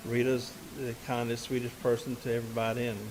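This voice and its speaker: A musician and bandleader tells a story onstage to a live audience at an indoor music venue, talking fast in a medium-pitched, monotone, slightly mellow voice. He's folksy and rambling, restarting often with "and, uh." The low-quality recording has a little hiss or hum.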